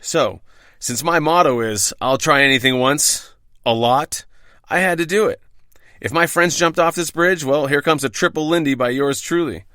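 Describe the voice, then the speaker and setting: On the high side and pushed bright, this man's voice moves at a moderate pace in a dry, studio-quality recording. As a podcast host, he reads his own bartending stories in scripted first person, with wry, profane, self-deprecating humor.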